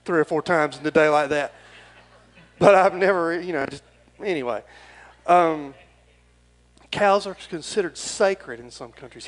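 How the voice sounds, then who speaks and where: A man's voice: mid-range voice, rough recording. A middle-aged man, preaching a folksy, rambling and earnest sermon as pastor.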